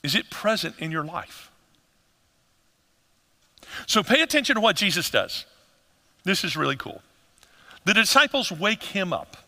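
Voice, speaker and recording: A man preaching a sermon to his congregation in an animated way, acting out the voices of people in the story. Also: high voice, unhurried, pauses often. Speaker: pastor. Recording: long hall reverb.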